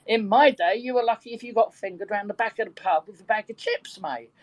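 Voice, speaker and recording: Speaking a little fast in a mid-range voice, a woman in her sixties from Birkenhead, England, chats casually in a live audio chat room. Her English accent carries a London tinge, and she laughs easily while telling bawdy stories. The low-quality recording has a little hiss or hum.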